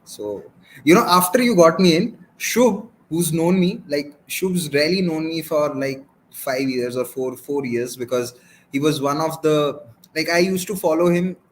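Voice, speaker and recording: A man's voice: fairly high pitch, measured pace, poor audio. A man from India, a cricket analyst, casually telling his own story in a rambling, self-correcting way, with faint noise behind him. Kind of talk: casual chat.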